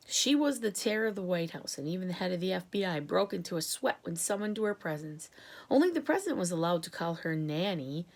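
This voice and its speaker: A woman teacher reading a chapter book aloud to children, in a lively and expressive way. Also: medium pitch.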